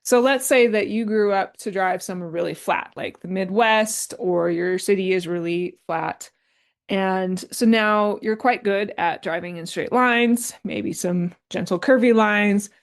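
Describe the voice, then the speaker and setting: A woman talks a listener through a homely analogy in a relaxed, conversational way. She acts out the thoughts of the person in her story and keeps checking in with a quick "right?". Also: medium pitch. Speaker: speaker on work stress and resilience. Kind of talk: casual talk explaining with an analogy.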